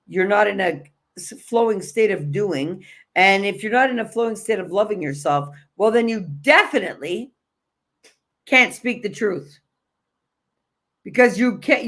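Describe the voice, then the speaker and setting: Woman, mid-pitched voice, self-love coach, blunt, emphatic, repetitive, casual swearing, spiritual talk. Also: fairly bright tone. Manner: conversational, with frequent restarts and fillers.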